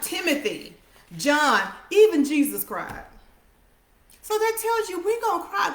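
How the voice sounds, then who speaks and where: A woman preacher delivering a sermon, repeating lines for emphasis and dropping to soft, quiet phrases. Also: sits high. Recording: echoey room.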